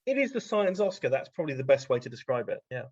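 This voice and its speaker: A man's voice: medium pitch, sing-song, quick pace, darkish tone. A man, a guest on an interview show, telling anecdotes in a casual, rambling way with frequent ums. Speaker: guest science writer. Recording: dry, slightly dull podcast audio.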